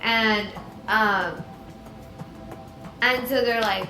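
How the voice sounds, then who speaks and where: A tipsy woman retelling a story in an animated, rambling comedic way. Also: mid-range voice, normal speed. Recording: echoey room with music.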